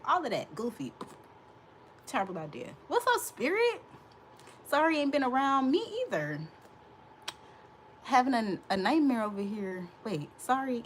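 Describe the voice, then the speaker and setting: A woman's voice: fairly high pitch, slight background noise. A woman in her thirties hosting a casual livestream, sassy and laughing, talking back to her chat from a hot room. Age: 30s. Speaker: livestream host.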